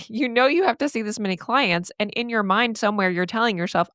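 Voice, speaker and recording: A middle-aged woman hosting a solo podcast, speaking candidly and earnestly about therapist burnout, with an animated, casual manner. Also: fairly high pitch, brisk, no room sound, clean studio sound. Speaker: podcast host and therapist coach.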